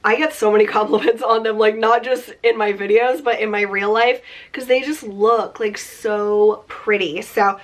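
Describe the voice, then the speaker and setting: A woman's voice: medium pitch, steady tone, moderate pace, few pauses. A woman in her late twenties chatting casually about her beauty favorites, her voice nasal and congested from a cold, with lots of "like" fillers. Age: 20s. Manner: chatty, upbeat, many fillers like "like". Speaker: beauty vlogger.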